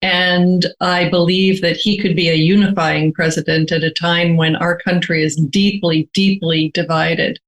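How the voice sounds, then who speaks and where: An older American woman, an author, answering interview questions in a measured, thoughtful way, slowly stretching her key words. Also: on the low side, steady tone, rough recording. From United States.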